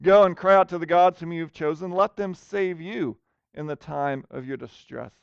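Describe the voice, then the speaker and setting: A man's voice: on the high side, moderate pace, vocal fry, clean tone, no echo, highs cut off. A man preaching a sermon in an earnest way, rising to emphatic questions. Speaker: pastor.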